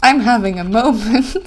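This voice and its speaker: A young Dutch woman from the Netherlands streams live with a Dutch accent and a fairly high voice, with a little hiss or hum in the audio. She sounds tired, giggles often, and keeps correcting herself and apologizing as she chats casually.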